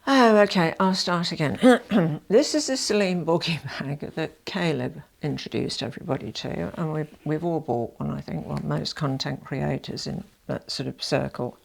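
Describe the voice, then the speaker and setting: A low, gravelly woman chats to her viewers in a relaxed vlog. She talks in a chatty, self-deprecating way, full of little asides and restarts. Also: normal speed, few pauses. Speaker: fashion vlogger. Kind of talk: casual chat to camera.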